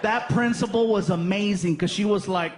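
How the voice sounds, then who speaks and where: A man's voice: high voice, moderate pace. A middle-aged man doing a stand-up routine, telling stories animatedly and acting out voices. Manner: animated storytelling, acts out voices. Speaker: stand-up comedian. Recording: live stage mic with audience noise.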